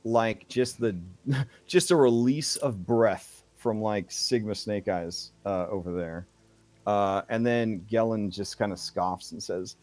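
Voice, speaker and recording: A man narrating as game master of a tabletop game in a relaxed, filler-heavy way. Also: fairly low pitch, slow pace, no echo.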